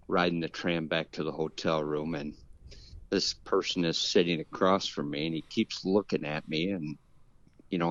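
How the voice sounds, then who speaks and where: A man's voice: deep voice, no room sound, muffled recording. A man, a guest car builder, telling stories in a rambling, casual way and chuckling often. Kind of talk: casual storytelling.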